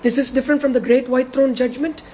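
A woman delivers a verse-by-verse sermon in a slightly high, mellow voice. She is emphatic and repeats key words for weight. She slows right down when she drives a point home, with a faint hiss of noise behind her. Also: steady tone, poor audio. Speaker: preacher. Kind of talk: expository sermon.

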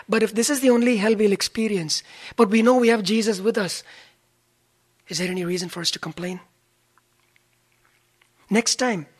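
Here a preacher, husky and a little breathy at medium pitch, earnestly preaches a sermon, quoting scripture by chapter and verse and repeating important phrases for emphasis.

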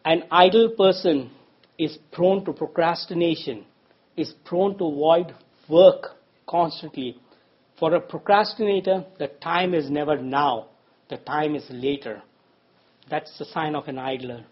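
Husky-voiced man preaching a sermon. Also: on the high side, unhurried, dull audio. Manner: conversational, with frequent fillers and restarts.

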